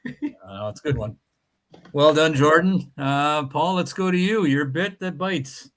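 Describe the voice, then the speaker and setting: A man's voice: on the high side, lively intonation, a little slow. A man hosting a casual comedy podcast, telling jokes in a laid-back way. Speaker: podcast host.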